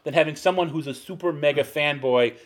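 A man's voice: on the high side, brisk. A man co-hosting a podcast in casual chat, rambling and profane, hunting for names as he tells stories. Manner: rambling, profane, hunts for names mid-story.

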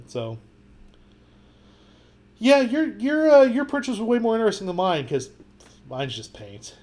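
Brief: man, mid pitch, podcast co-host, rambling anecdotal delivery, stumbles and restarts. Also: a little fast. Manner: rambling, repeats words, animated storytelling with quoted voices. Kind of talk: casual chat.

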